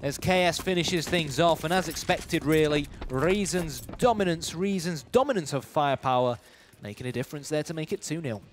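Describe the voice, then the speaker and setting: A man calling live esports play-by-play with a fairly high voice and bursts of hype. Faint event ambience hums underneath his commentary. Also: moderate pace, hardly any pauses, slight background noise.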